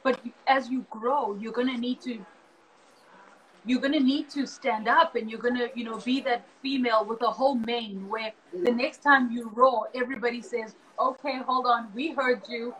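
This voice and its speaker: High-voiced earnest woman host. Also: fairly even intonation, moderate pace, fairly bright tone, a little hiss or hum, low-quality recording. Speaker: podcast host. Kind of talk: casual conversation.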